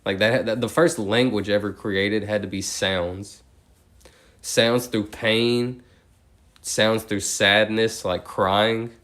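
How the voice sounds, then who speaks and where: A young man steadily counting numbers out loud, breaking off now and then to ramble casually. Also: lowish voice. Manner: steady rapid number recitation, rambling slangy tangents. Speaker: streamer counting aloud. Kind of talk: monotone counting with casual asides.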